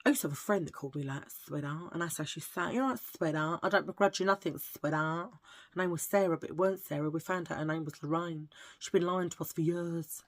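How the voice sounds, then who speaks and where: A woman's voice: deep voice, fairly even intonation, quick pace. A woman chatting to camera as a beauty vlogger, rambling and telling cheesy jokes. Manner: chatty, jokey, rambling asides. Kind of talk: casual chat to camera.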